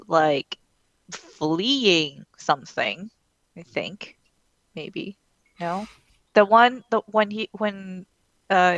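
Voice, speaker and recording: Slow, hesitant woman podcast co-host, dry close sound. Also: on the low side, a bit bright, no room sound, dull audio. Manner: hesitant, thinks aloud with restarts. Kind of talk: casual book-club chat.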